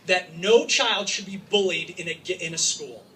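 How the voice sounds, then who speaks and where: A man from Utah giving an impassioned, joking public speech to a crowd as an activist, sometimes raising his voice to a shout. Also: sits high, moderate pace. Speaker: activist speaking at a rally. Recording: distant mic with faint background noise.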